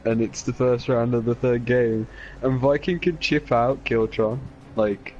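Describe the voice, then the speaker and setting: A man in a casual gaming chat who gets excitable and loud when recalling hype moments. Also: medium pitch, a little slow, dull audio, soft background music.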